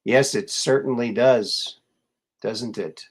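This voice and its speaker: Man, show host, casual live chat, slow unhurried pace, rambling, lots of fillers. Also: mid-range voice, slightly rough. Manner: rambling, musing, many fillers and restarts.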